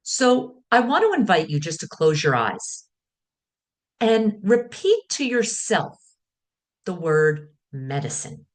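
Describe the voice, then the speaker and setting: Woman wellness teacher, calm guided talk, measured phrasing, voice rising and falling widely. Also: lowish voice. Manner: calm, guiding, speaks in short measured phrases. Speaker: wellness speaker.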